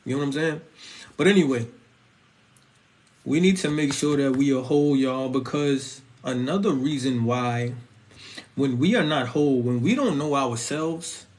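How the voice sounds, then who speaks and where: Mid-range in pitch and normal in speed, a young man's voice carries a laid-back, slangy sermon on faith and relationships. This animated, chatty Christian vlogger keeps asking his audience if they feel him.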